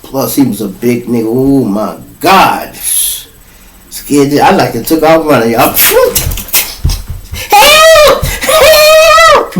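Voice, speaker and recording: A man with a Chicago accent spins a loud, lively story from his own podcast, slipping into other people's voices and bursting into laughs and shouts. His voice sits at an ordinary pitch. The sound bounces around a roomy space. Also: takes it slowly, noisy background. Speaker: podcast host telling a jail story. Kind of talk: animated storytelling. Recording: roomy echo.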